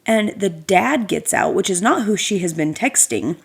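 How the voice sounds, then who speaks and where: A woman hosting a podcast, telling a story as a casual rant in an animated, sarcastic way with lots of fillers. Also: mid-range voice, normal speed, creaky, slightly rough. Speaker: podcast host.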